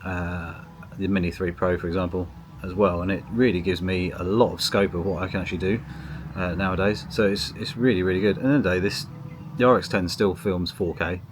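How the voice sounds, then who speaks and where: Deep guy rambling to his camera in the garden, lots of ums, small camera mic, bit of background hiss. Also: fairly even intonation, fairly quick. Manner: rambling and chatty, with frequent ums and restarts. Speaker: photography vlogger. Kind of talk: casual talk to camera. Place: garden, outdoors. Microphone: built-in mic of a small gimbal camera on a tripod.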